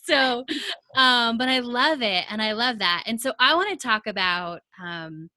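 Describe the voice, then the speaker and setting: Bright-voiced chatty woman host. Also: fairly high pitch, expressive, a little slow, no echo. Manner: chatty, rambling, many fillers and restarts, laughs. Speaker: podcast host and coach. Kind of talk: casual podcast interview.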